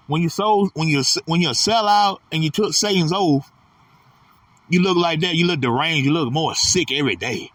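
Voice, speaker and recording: A man's voice: a little high, normal speed, a bit bright, no echo, recorded from a distance. A man delivering a blunt, profane, repetitive casual ranting monologue as host of his own channel.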